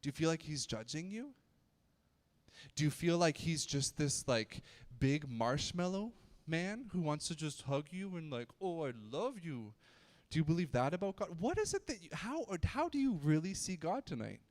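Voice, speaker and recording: Chatty youth pastor in a reverberant hall. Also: male voice, fairly high pitch, expressive, moderate pace, a little mellow. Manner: chatty, joking, frequent restarts and stammers. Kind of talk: casual youth sermon.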